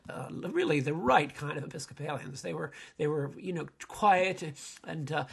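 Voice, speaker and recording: A priest lectures on a play, stopping often to restart his sentences. His voice is gravelly and husky and sits a little high for a man. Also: fairly bright tone. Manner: halting, with many fillers and restarts, digressive.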